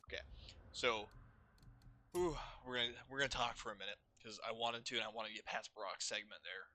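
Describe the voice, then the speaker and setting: A man's voice: on the low side, brisk, pushed and bright. A man commentating a gameplay playthrough, rambling enthusiastically about the story. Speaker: gameplay streamer. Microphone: streaming microphone.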